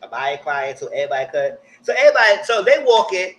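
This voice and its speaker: A young man, hosting a live reality TV recap in casual commentary with animated, exaggerated re-enactments. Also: a little high, quick pace, slight background noise, poor audio.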